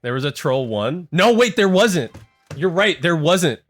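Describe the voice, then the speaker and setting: Rambling, excitable male streamer. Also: a little high, measured pace. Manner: rambling and excitable, heavy on "like" and "dude"; talks to chat, reads text aloud. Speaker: livestreamer. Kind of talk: casual stream chat. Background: faint music.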